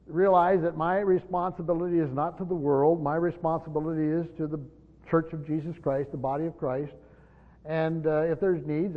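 A fairly high-voiced man teaches scripture, talking it through conversationally and restarting phrases as he explains. The recording is dull and lo-fi, with a long reverb trailing his voice. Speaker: Bible teacher. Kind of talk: Bible study teaching.

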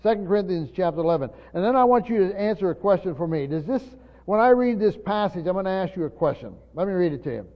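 A man's voice: high-pitched, animated, fast, hardly any pauses. A man preaching a sermon in an earnest teaching tone, speaking straight to his congregation. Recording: dull lo-fi sound with long reverb of a large hall.

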